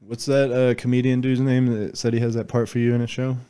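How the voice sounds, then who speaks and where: Southern man, podcast guest; mellow, smooth tone, easygoing rambling delivery. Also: mid-range voice, flat delivery, a little fast. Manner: loose, rambling, full of "like" fillers. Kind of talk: casual podcast chat.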